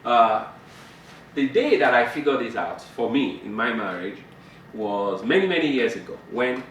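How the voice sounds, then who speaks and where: A man's voice: mid-range voice, lively intonation, normal speed, fairly bright tone, slight background noise. Roomy, distant man teaching couples. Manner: conversational, laughing, acts out dialogue. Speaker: marriage counselor. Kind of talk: teaching talk to a couples group. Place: fellowship meeting room.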